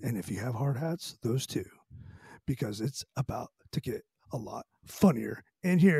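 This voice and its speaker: A man hosting a podcast, loud, excitable and jokey as he introduces guests. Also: mid-range voice, normal speed, vocal fry, slightly rough, no echo, clean studio sound. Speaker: podcast host. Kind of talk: hyped podcast intro and chat.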